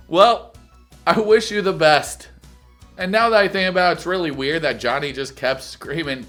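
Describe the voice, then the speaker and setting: A man doing a comedic reality TV recap, sarcastic and prone to loud outbursts. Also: on the high side, normal speed, soft background music.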